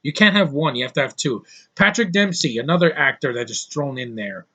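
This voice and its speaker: A man's voice: mid-range voice, lively intonation, a little fast, bright, forceful tone, highs cut off. A man giving an exasperated, sarcastic film review, rambling and restarting as he complains. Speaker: movie reviewer. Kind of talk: ranting film review vlog.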